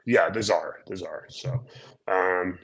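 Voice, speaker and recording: A man's voice: low voice, takes it slowly, poor audio. A middle-aged man, co-host of a casual show, telling an anecdote and acting out the quotes with lots of "right?". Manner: animated storyteller acting out quotes, frequent "right?". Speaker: podcast co-host, former naval aviator. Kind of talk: casual chat, storytelling.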